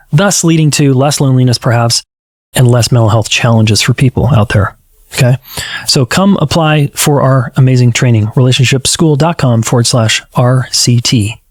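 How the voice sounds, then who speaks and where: A man hosting his own podcast as a relationship coach, talking earnestly and conversationally and acting out exchanges with clients. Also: mid-range voice. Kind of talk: solo podcast talk.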